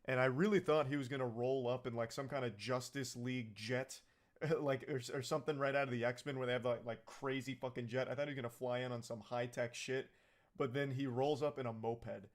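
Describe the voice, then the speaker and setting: A man of middle pitch recaps a film in a loose, comedic way. He rambles with lots of "like" and curses freely. His tone stays sarcastic and mocking throughout. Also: steady tone, brisk. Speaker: movie recap commentator. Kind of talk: casual comedic movie recap.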